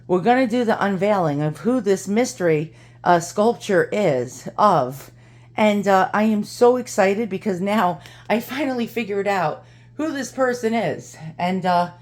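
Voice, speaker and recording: A woman vlogging in her home kitchen, out of breath and chatty, laughing often as she talks to the camera. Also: medium pitch. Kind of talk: casual chat to camera.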